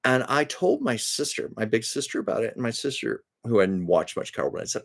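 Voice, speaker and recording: Chatty man with a lowish voice. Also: expressive, brisk. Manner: chatty, laughs often, drifts between asides. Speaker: host. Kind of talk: casual storytelling chat. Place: at home, live stream.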